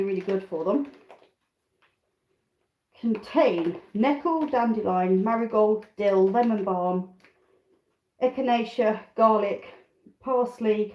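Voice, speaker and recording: A British woman who keeps backyard chickens hosts a live stream from her home kitchen, rambling casually between tasks and asides. Her medium-pitched, slightly mellow voice moves a little slowly with long pauses, and the rough recording sounds roomy with a little hiss or hum.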